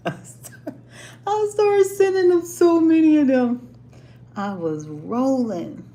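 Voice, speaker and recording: A woman's voice: on the low side, mellow, slight background noise. Playful chatty woman, laughing often. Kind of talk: casual chat.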